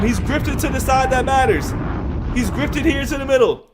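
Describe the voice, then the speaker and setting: A man hosting a music reaction channel, talking in an animated, profane, emphatic way and repeating his phrases. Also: medium pitch, fairly quick, very noisy. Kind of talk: casual music reaction commentary.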